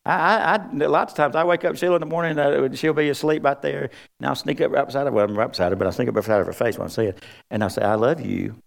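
A man's voice: on the high side, racing, gravelly. A middle-aged man preaching a sermon, folksy and humorous. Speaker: pastor.

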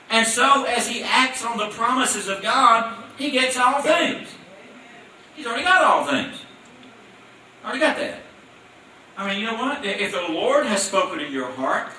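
A man delivers a sermon in a church, his high, piercing voice bouncing around a very echoey room. He stands back from the mic and presses his points with pointed questions and call-and-response, over a faint hum of noise. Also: pushed and bright, distant mic. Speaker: preacher.

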